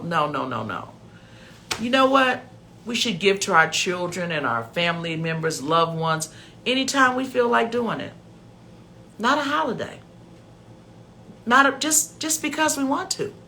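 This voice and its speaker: Bright-voiced woman telling a rambling story. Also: on the low side. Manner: preachy, lecturing. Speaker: show host. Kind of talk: casual commentary.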